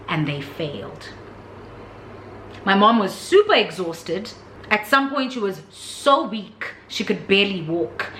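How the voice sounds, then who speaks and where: Dramatic South African woman telling a story. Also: mid-range voice. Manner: animated, dramatic storytelling that mixes in Zulu. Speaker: vlogger. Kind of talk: storytime vlog. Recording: roomy with faint noise.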